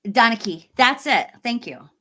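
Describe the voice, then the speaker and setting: A horror YouTuber in middle age hosts a casual live stream, her fairly low, fairly bright voice moving at a moderate pace. While reading viewer comments, she laughs often and trails off mid-sentence.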